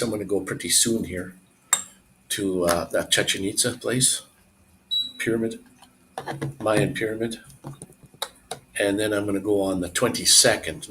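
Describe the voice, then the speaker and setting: A man's voice: low-pitched, slight background noise, rough recording. A man live streaming, chatting casually and rambling to his viewers. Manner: rambling, relaxed, talks to viewers.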